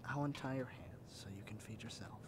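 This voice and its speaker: A man voicing a doting, possessive male yandere captor in a whispered role-play, talking softly and sweetly, often in a whisper. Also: lowish voice, lively intonation, brisk, creaky, very noisy. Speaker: ASMR roleplay performer.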